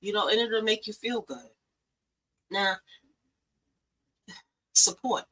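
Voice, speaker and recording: A woman's voice: mid-range voice, takes it slowly, pushed and bright, low-quality recording. A middle-aged woman, hosting a talk show and giving blunt, profane, emphatic advice. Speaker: podcast host. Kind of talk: preachy motivational talk.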